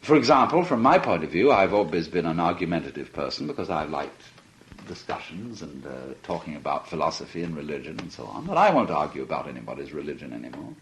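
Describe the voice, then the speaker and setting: Musing man lecturing, lively pitch. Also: fast talker. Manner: musing, playful, often laughing while speaking. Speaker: philosophy lecturer. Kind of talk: reflective archival lecture.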